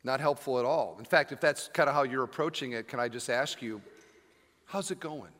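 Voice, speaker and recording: A man's voice: medium pitch, brisk, a bit bright, long reverb tail. A male pastor preaching a sermon, telling a story with emphatic, humorous asides to his congregation. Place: church sanctuary with live audience.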